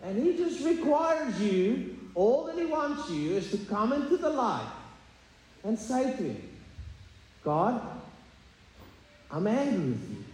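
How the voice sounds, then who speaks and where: A man's voice: extremely high pitch, big pitch swings, takes it slowly, long pauses, a little mellow. A man preaching a sermon as pastor, earnest and confessional, often stumbling over fillers and restarts. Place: church sanctuary. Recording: echoey hall, faint ambience.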